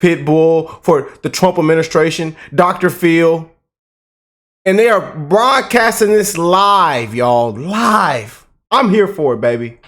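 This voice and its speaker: A man hosting a reaction video, talking to his viewers in an excitable, hyped way. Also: fairly high pitch, slow. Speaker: host. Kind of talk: reaction commentary.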